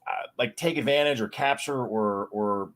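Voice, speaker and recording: A man's voice: medium pitch, normal speed. A male podcast host asking questions in casual conversation, animatedly voicing imagined thoughts. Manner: animated, voices quoted thoughts. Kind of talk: casual interview.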